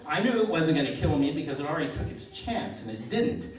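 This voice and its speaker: On stage in a large hall, a middle-aged man does a stand-up set, telling dry stories that end in pun punchlines for a live audience. His voice is fairly high, very animated and fairly quick. The distant mic picks up an echoey hall and bursts of crowd laughter.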